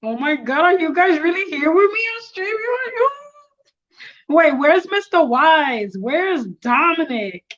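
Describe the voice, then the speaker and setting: A woman hosting a casual live stream, excitable and quick to laugh, flustered as she works out the tech on her tablet. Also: very high-pitched, lo-fi sound. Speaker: livestream host.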